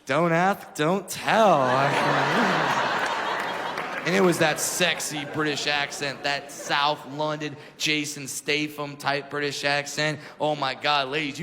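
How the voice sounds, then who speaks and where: A brash male stand-up comedian with a high voice tells stories at a moderate pace, punchy and animated. He performs on a comedy club stage before a large audience, and the reverberant hall is filled with loud crowd laughter.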